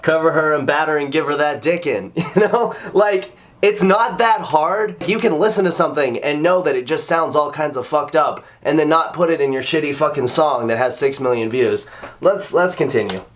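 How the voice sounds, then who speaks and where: A man's voice: on the high side, moderate pace. Sarcastic, foul-mouthed man ranting. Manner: sarcastic, exasperated, swears a lot. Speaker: reaction video host. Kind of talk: ranting reaction commentary.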